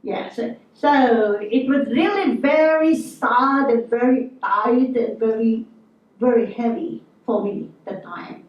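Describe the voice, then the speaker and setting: A woman giving a lively, anecdotal talk to an audience, teasing her listeners as she goes. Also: on the high side, takes it slowly, far from the mic. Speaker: guest speaker. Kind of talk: lecture to an audience. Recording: echoey hall from afar, dull sound.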